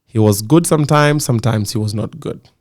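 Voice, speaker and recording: A man with a Kenyan accent, a comedian chatting as a guest in a relaxed interview, telling stories in a lively way and laughing often. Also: mid-range voice, a little fast. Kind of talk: casual interview chat.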